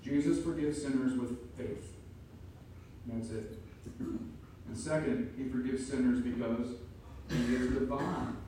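A man preaching an emphatic sermon as pastor, building to loud peaks. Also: mid-range voice, fairly even intonation, slow pace, long pauses, a little hiss or hum. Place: church sanctuary. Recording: echoey room from far off.

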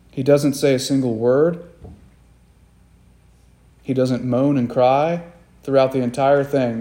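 A man delivering an earnest sermon, pitched a little high but with a mellow, warm tone. He leans on repetition for emphasis and puts direct questions to his listeners. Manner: earnest, repeats phrases for emphasis. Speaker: preacher.

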